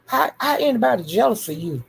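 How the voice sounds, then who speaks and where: A woman's voice: on the high side, sing-song, quick pace, gravelly, slightly rough. A woman hosting a live stream, taunting someone with profane, repetitive insults and calling out to her chat viewers by name. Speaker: livestream host.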